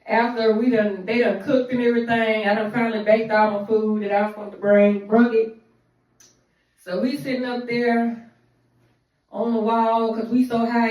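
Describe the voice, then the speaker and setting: A woman telling a rambling, profane personal story in a casual storytime monologue. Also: fairly high pitch. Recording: echoey room, voice from a distance.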